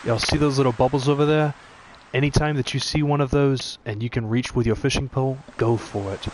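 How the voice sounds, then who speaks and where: A man's voice: mid-range voice, fairly even intonation, brisk, noisy background. A man giving casual gameplay commentary, chatting and explaining tips to his viewers. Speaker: let's play streamer. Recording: game music behind the voice. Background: game music.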